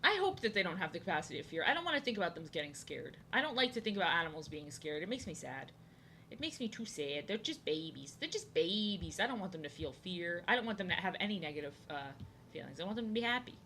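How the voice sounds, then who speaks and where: Bright-voiced woman chatting while drawing. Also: fairly low pitch, sing-song, fast talker, a little hiss or hum. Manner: rambling, jokey, repeats herself. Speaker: streamer. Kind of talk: casual chat while drawing. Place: home, indoors.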